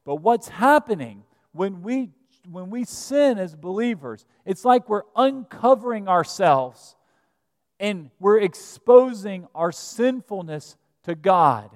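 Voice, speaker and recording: Male pastor, storytelling sermon, a bit high-pitched, church reverb. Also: slow pace. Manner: storytelling, animated retelling of scripture. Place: church sanctuary. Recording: church sanctuary with long reverb.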